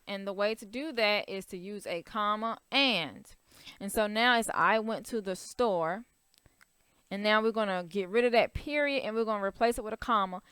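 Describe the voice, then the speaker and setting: A woman's voice: mid-range voice, fairly bright tone, smooth, dry recording, studio quality. Patient woman teaching young kids. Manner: patient, simple explanations with repeated checks like "right?" and "okay?". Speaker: elementary school teacher. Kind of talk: recorded writing lesson for children.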